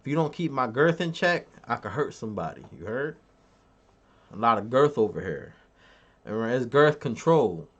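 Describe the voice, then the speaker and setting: A man's voice: medium pitch, expressive, moderate pace, a bit bright, lo-fi sound. A man on a live stream, reading his chat aloud and bragging in a crude, joking way.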